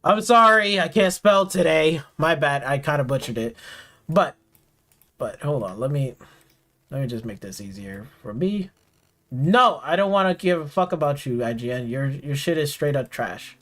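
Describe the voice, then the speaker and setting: Man, high-pitched, gaming streamer, sarcastic, exasperated, swearing, rambling. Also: expressive, normal speed, a bit bright. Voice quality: profane, exasperated, rambling with many fillers. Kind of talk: sarcastic ranting commentary.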